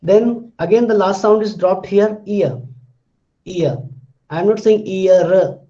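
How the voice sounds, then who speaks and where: A man teaching pronunciation, slowly explaining and repeating example words. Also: high voice, fairly even intonation, warm tone. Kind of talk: slow classroom-style explanation. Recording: dull lo-fi recording.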